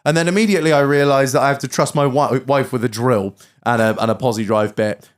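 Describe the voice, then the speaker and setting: A man telling a long, swearing-laden story on a podcast, jumping into high voices for the people he quotes. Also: fast. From England. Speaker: podcast co-host. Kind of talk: casual storytelling chat.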